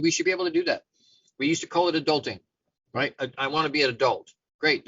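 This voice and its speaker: A man's voice: mid-range voice, slightly rough, dry recording. Brief: middle-aged man, self-help host, loose conversational delivery, dry muffled recording. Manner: casual, rambling, frequent restarts, animated storyteller. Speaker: show host.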